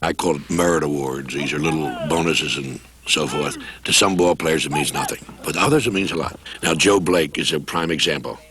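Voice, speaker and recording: An older football coach with a low, deep voice speaks bluntly and with confidence. His tone stays matter-of-fact even when he talks about big ambitions. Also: fairly quick, hardly any pauses. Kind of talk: documentary interview.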